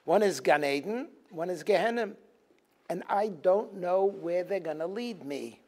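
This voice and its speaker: A rabbi lecturing on a Talmud passage in a fairly high voice. He quotes the Hebrew text, then explains it in English with lively, emphatic delivery. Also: unhurried. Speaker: rabbi teaching a Tisha B'Av program.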